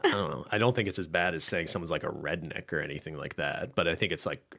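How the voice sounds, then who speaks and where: A man with a Canadian accent co-hosting a podcast in relaxed, playful chat, teasing and laughing often. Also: low voice, quick pace, creaky. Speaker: podcast co-host. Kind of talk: casual chat.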